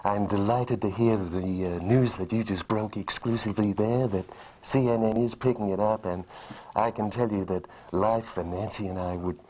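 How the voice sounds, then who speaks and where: A man's voice: fairly low pitch, moderate pace, a little hiss or hum, lightly acted, rough recording. A man doing a genial old president. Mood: folksy. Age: older. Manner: genial, folksy deadpan jokes. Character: impression of an elderly former American president, genial and folksy. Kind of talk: comedy sketch interview.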